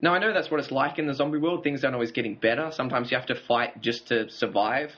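A man's voice: medium pitch, quick pace, fairly bright tone. A man co-hosting a casual TV review chat, recapping the plot and chuckling now and then. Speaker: podcast co-host. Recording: dull lo-fi audio.

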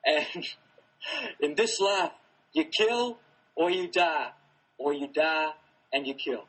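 A man putting on a loud villainous town leader. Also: on the high side, animated, takes it slowly, husky, exaggerated voice, poor audio. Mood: declaiming. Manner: loud, declaiming welcome speech. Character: menacing male town leader, zombie drama villain.

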